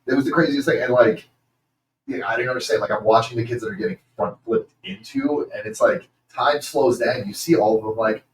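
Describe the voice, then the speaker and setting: A man in a band, telling lively stories in a casual interview. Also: medium pitch. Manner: animated storyteller, quick laughs. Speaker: band member. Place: venue after load-in. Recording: echoey room, distant mic, faint noise.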